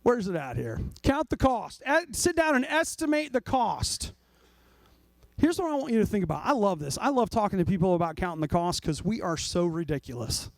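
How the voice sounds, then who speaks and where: A man's voice: high voice, very animated, moderate pace, vocal fry, no echo. A man preaching a casual, jokey sermon as a pastor, acting out little voices to make his point. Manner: jokey, acts out voices of people and God.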